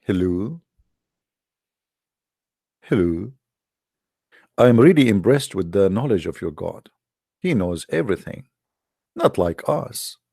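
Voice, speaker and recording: A man's voice: on the low side, sing-song, moderate pace, vocal fry, dark tone, husky, no echo, clean studio sound. A man delivering a mocking, sarcastic monologue to viewers in broken, non-native English. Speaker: online commentator.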